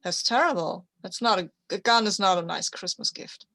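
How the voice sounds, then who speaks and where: A woman's voice: medium pitch, normal speed, vocal fry, sharp tone, no echo. A woman playing a tabletop role-playing game, chatty and bubbly, speaking often as her character. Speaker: player.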